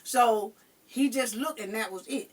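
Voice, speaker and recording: A mother telling a personal story in casual chat, emphatic and animated, swearing now and then. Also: on the high side, unhurried, distant mic.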